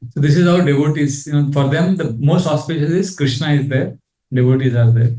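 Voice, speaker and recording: A Bhagavatam teacher gives a scripture class, telling stories earnestly and growing animated when he quotes. His voice is fairly high and his pace brisk. The room is echoey and the mic sits at a distance.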